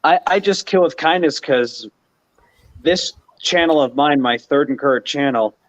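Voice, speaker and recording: A man's voice: on the high side, moderate pace, no room sound. A man in a casual podcast chat, talking in a mocking way and laughing at his own jokes. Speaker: channel host. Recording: slightly dull lo-fi audio.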